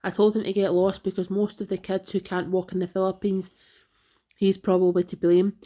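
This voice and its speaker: A woman reading out online comments in a flat, even delivery. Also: mid-range voice, fairly quick.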